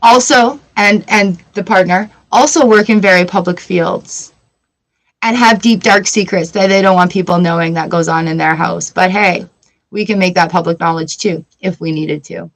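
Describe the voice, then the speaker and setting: A woman's voice: lowish voice, moderate pace, low-quality recording. A middle-aged woman hosting a casual live tarot reading, chatty and given to giggling as she talks to viewers. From Canada. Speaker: tarot reader livestream host.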